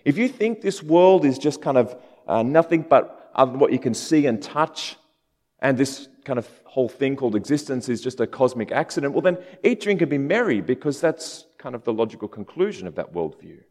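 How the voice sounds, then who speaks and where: A man gives a sermon in an easygoing, chatty manner, full of casual asides. His pitch swings widely as he talks. The voice carries a long reverb, as if from a church hall. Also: fairly quick. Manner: conversational and animated, with casual asides. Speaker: preacher.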